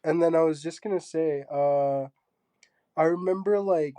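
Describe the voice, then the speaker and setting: With a voice on the high side and no room sound, a young guest artist from Zambia chats informally in an interview. He speaks softly and hesitantly, padding his sentences with fillers.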